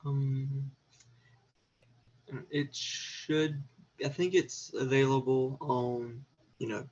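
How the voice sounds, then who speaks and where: Southern man, podcast guest, slow and flat, hesitant, muffled lo-fi sound. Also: medium pitch. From North Carolina, US. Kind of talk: casual chat.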